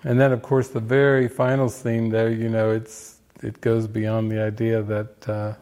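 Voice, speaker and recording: Slow, halting older male spiritual teacher. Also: lowish voice, completely flat delivery, a little mellow. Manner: unhurried, halting, many fillers and restarts. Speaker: spiritual teacher giving movie commentary. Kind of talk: reflective spiritual talk.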